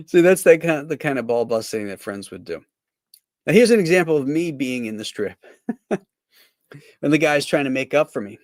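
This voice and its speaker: A man's voice: fairly high pitch, animated, moderate pace, pauses often, no echo, clean studio sound. A man, a cartoonist, chatting casually on a livestream in a rambling, anecdotal way.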